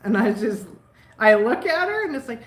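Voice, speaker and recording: A woman's voice: on the high side, sing-song, moderate pace. A woman in her fifties chatting casually with live viewers from a home kitchen, rambling and giggly. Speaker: livestream host. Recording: roomy echo.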